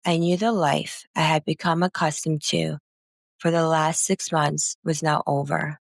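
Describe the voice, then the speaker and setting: A woman narrating a first-person memoir in a slow, somber reading. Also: sits low, little pitch movement, creaky, no room sound, studio quality.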